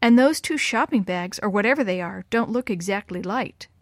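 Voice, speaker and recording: A woman's voice: medium pitch, animated, normal speed, no echo, clean studio sound, lightly acted. A woman voicing a curious, matter-of-fact thirteen-year-old girl in a storybook reading.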